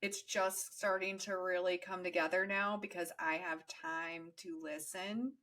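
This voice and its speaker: A woman's voice: fairly low pitch, steady tone, measured pace, a bit bright. A woman hosting a casual interview, affirming her guest and speaking of spiritual guides. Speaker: host.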